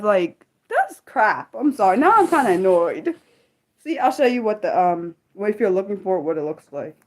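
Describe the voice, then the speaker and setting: A woman hosting an unscripted livestream, chatting and rambling with viewers and reacting loudly to the chat. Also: mid-range voice, animated, moderate pace. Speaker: livestream host.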